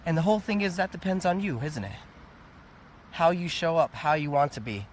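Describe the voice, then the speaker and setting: Near a convention area outdoors, with faint traffic in the background, a man talks fairly quickly in a fairly high voice. He's worn out, recovering from a cold, and in this casual vlog he tells a candid, reflective personal story while laughing at himself.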